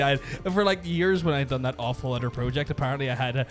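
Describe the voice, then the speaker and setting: A man's voice: medium pitch, fast talker, faint music behind. A young man with a Belfast accent, co-hosting a casual streamed chat show with sweary, joking banter. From Northern Ireland. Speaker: podcast co-host.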